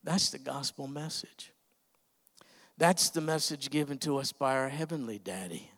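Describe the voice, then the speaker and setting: A man preaching a sermon, telling an emotional story with frequent pauses and hesitations. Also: medium pitch, a bit bright, long reverb tail.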